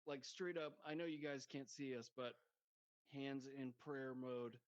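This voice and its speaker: A man's voice: mid-range voice, fairly even intonation, unhurried, highs cut off. A man chatting about a film on a podcast, rambling with lots of "like" and frequent laughter. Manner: rambling, laughs often, heavy use of "like". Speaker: podcast guest. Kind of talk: casual movie discussion.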